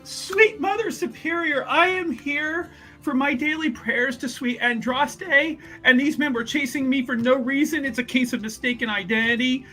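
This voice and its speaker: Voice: high-pitched, moderate pace, few pauses, sharp tone, soft background music, pitched above the performer's own voice. A player putting on a whiny pleading rogue. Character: pathetic male rogue faking innocent piety. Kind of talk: tabletop role-play.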